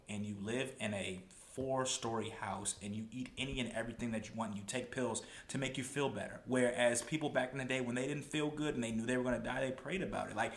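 A podcast host with a medium-pitched voice chats casually in an echoey room. He talks emphatically and animatedly, saying "like" a lot.

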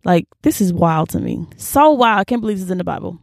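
A young woman hosting a casual Bible reading, expressive and slangy, reacting aloud as she reads. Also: fairly low pitch, fast, gravelly, no echo, studio quality. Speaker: video host.

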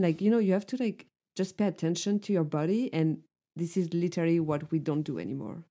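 Earnest woman with soft, mellow voice. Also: lowish voice, a little fast. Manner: frequent "like" fillers, earnest. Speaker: podcast co-host. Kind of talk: casual chat.

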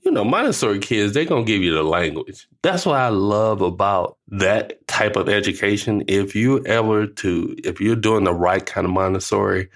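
Low-voiced older man, lively storyteller. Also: normal speed, few pauses. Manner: animated storyteller, acts out quotes with laughs; uses casual slang like finna and ain't. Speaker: podcast co-host. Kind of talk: casual chat.

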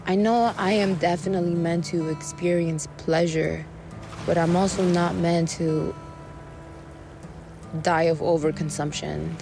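Slow, gravelly-voiced woman musing aloud. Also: lowish voice. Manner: earnest, meandering, with sighs and swearing. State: on a mushroom trip. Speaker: podcast host. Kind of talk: spoken reflective monologue.

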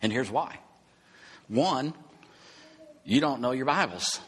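A man's voice: medium pitch, animated, slow, a bit bright, husky. A man preaching a sermon, teaching emphatically and asking rhetorical questions. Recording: long hall reverb.

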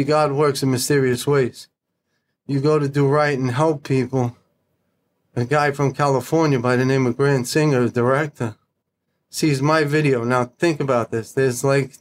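A man, a podcast guest telling a story in a blunt, profane, animated way. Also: medium pitch. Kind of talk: casual storytelling.

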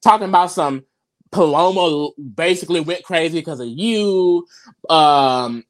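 A woman's voice: on the low side, unhurried. A woman co-hosting a casual recap chat, telling the story with gossip, swearing and acted-out quotes. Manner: animated storytelling, acts out quotes; profane, gossipy. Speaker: podcast co-host.

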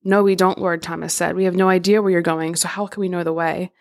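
Female podcast host, slightly low pitch, steady scripture reader. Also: fast. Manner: reads scripture aloud in a steady, even voice. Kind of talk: casual chat, then Bible reading.

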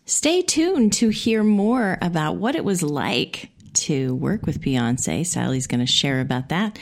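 A woman's voice: low voice, lively intonation, takes it slowly. A middle-aged woman from Indiana hosting a podcast, making casual, friendly, self-deprecating announcements. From Indiana, USA. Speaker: podcast host.

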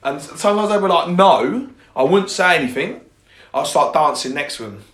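His voice is fairly high and bright, brisk, with lively intonation. This young fitness and confidence coach speaks bluntly on a podcast, swearing and joking at his own remarks, and the room has a noticeable echo.

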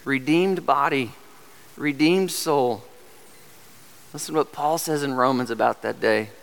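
A man's voice: medium pitch, a little slow, creaky. A man preaching a sermon as pastor, earnest and direct, asking the congregation rhetorical questions. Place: church sanctuary. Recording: long hall reverb.

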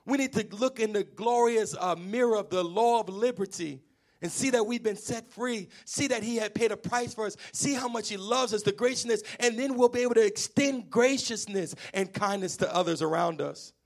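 A pastor preaches a sermon in an animated, emphatic style, calling for the congregation to answer back and sometimes half-singing his lines. His voice is high and his speed is normal.

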